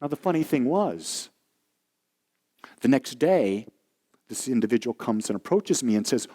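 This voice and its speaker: With a medium-pitched voice, normal speed, and long pauses, a male minister preaches through storytelling. He acts out the quoted voices of the people in his stories with lively animation.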